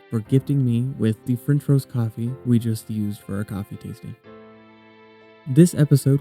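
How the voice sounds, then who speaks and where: Mellow-voiced male podcast host. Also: mid-range voice. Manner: relaxed, tasting and describing coffee. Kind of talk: casual chat and scripted intro.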